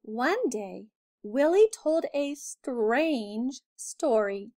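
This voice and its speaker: A woman teacher reads a children's picture book aloud, her voice fairly high and her pace slow and deliberate. She shapes every phrase expressively for young listeners. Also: animated, a little mellow.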